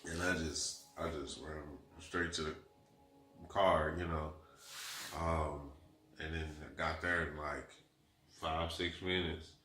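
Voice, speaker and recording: A man's voice: a bass voice, steady tone, slow pace, bright, forceful tone, faint music behind. A young man recounting a story alongside his wife in a casual vlog, rambling earnestly and quoting what was said. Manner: rambling, earnest retelling with quoted dialogue. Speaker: husband co-hosting the vlog. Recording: echoey room.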